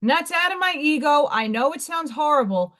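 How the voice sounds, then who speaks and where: A woman's voice: high voice, animated, fairly quick, a bit bright. A woman hosting a live stream, chatting casually in a rambling way with blunt asides. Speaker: livestream host.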